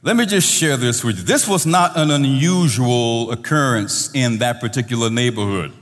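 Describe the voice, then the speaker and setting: A male pastor telling a story in a sermon, animated, his voice trailing off softly at the ends of phrases. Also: mid-range voice, moderate pace, in a large hall.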